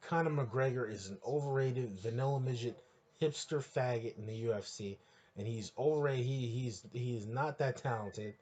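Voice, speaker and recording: A man hosting a podcast, ranting crudely and heatedly, rambling with restarts and sudden bursts of near-shouting. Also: mid-range voice, moderate pace, husky. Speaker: podcast host. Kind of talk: profane solo rant.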